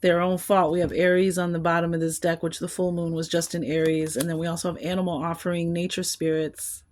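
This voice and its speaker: Low-voiced woman giving a tarot reading. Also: little pitch movement, fast, darkish tone, a little hiss or hum. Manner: rambling, musing aloud with small laughs. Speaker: tarot card reader.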